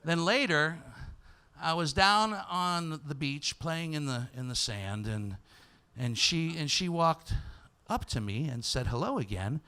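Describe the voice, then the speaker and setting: A male podcast host telling a comic story live on stage, swinging from loud shouts to hushed asides. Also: on the high side, expressive, unhurried, clean tone. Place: live stage before an audience.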